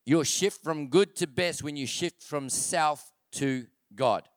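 A pastor preaches a sermon in church in a smooth, resonant voice a little above the usual male range, speaking slowly. He emphatically repeats key phrases for stress, puts rhetorical questions to his listeners and calls out to the congregation. The sound is close and dry, with no echo and hardly any room around it.

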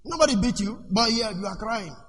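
A male preacher giving a sermon in an animated way. He asks the congregation questions and lets them finish his sentences. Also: sits high, brisk. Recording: echoey hall with faint noise.

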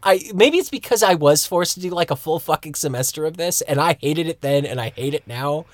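A man's voice: a little high, expressive, a little fast, no room sound. A man co-hosting a podcast, chatting casually in a blunt, wry way and swearing freely. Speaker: podcast co-host. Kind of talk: casual chat.

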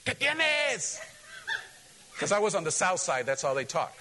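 A male pastor preaching a sermon in an animated, joking way, often asking the congregation questions. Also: on the high side, fast, a little hiss or hum, poor audio.

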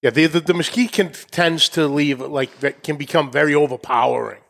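A man co-hosting a casual chat, quick to react and joke. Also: a little high, gravelly, a bit bright. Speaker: podcast co-host.

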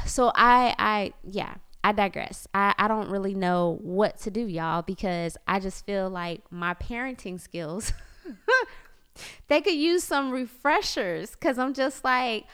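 Smooth-voiced woman in her thirties, chatty. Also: medium pitch, takes it slowly. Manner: chatty and animated, mimics family members, lots of "like". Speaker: parenting vlogger. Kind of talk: casual confessional chat.

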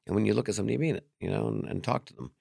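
A man's voice: fairly low pitch, rapid-fire, creaky, breathy edge, dry recording, studio quality. A man speaking as a magician and comedian guest on a casual interview show, telling stories candidly with some swearing and acting out the dialogue of the people in them. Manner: animated storyteller who acts out quoted dialogue.

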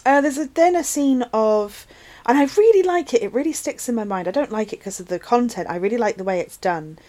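A woman, co-hosting a casual film discussion, animated and chatty with quick asides. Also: on the high side. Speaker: podcast co-host.

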